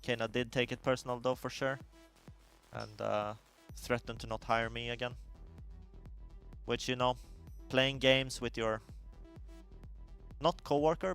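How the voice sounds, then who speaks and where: A man's voice: medium pitch, fairly even intonation, a little slow, long pauses, a bit bright, soft background music. Rambling man chatting on a stream. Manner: rambling, filler-heavy storytelling. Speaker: raider on a livestream. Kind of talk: casual chat.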